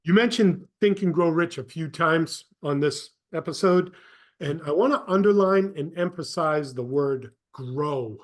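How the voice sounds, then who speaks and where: A man's voice: a little high, a little slow. A man hosting a podcast interview, emphatic, stressing points by repeating phrases. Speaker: podcast host. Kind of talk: casual interview talk.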